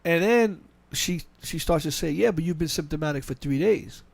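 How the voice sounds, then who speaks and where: A man hosting a casual podcast, telling a work story quickly and animatedly, with many restarts and quoted back-and-forth dialogue. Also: on the high side, vocal fry, dry recording. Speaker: podcast host. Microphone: podcast mic.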